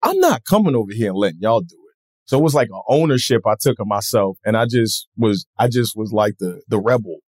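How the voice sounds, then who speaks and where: A comedian being interviewed tells stories in a relaxed, lively way, animatedly acting out other people's voices. His voice is on the low side and brisk. The sound is clean studio quality with no echo.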